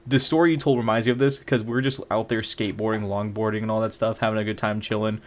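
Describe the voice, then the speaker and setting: Animated man chatting on a podcast. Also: lowish voice, quick pace. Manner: animated, profane, laughs often. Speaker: podcast co-host. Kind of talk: casual storytelling.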